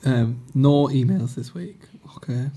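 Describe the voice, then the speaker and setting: A man's voice: medium pitch, a little slow, heavy background noise. A young man with a cold, co-hosting a podcast in casual, sweary, bickering chat. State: has a cold, sniffly. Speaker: podcast co-host.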